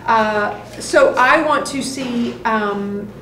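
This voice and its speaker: A woman's voice: fairly high pitch, extremely slow, noisy background. A woman acting coach giving scene notes to an actor in an acting studio, animatedly acting out lines as she explains. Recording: echoey room, far from the mic.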